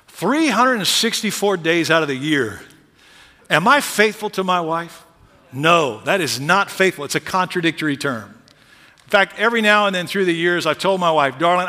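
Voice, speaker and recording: A male pastor preaching a sermon, moving from quiet asides to loud, emphatic peaks. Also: fairly high pitch, in a large hall.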